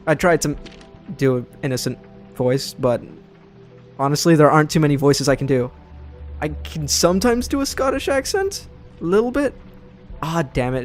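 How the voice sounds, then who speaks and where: A man's voice: a little high, expressive, moderate pace, long pauses, faint music behind. A young man hosting a let's play, chatting casually and self-deprecatingly about the game. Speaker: gaming channel host.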